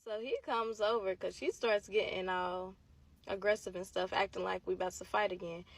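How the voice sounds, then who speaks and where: Animated young woman telling a story. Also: medium pitch, moderate pace. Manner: animated, emphatic, addresses viewers as y'all. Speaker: storytime vlogger. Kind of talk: casual storytelling to camera.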